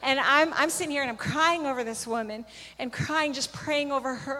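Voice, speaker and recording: A woman's voice: high voice, fast talker, bright, forceful tone. A woman sharing a spiritual testimony with a gathering, telling her story earnestly and vividly. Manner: earnest, vivid storytelling that acts out what each person said. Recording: long hall reverb.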